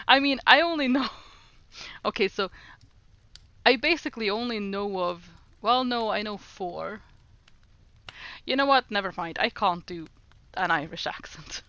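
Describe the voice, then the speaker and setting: Slow-talking giggly woman streamer. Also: medium pitch, lively intonation, sharp tone, no echo, muffled recording. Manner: laughs often, chatty and giggly. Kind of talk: casual livestream chat, reading chat aloud.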